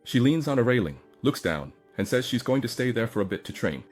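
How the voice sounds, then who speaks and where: A man's voice: medium pitch, sing-song, fairly quick, faint music behind. A man narrating a comic story recap in a chatty, casual retelling style, linking events with frequent asides.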